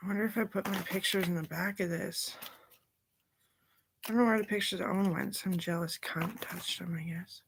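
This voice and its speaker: A woman's voice: on the low side, steady tone, normal speed, a little hiss or hum. A woman talking in a loose, drifting casual monologue, often sinking into a whisper.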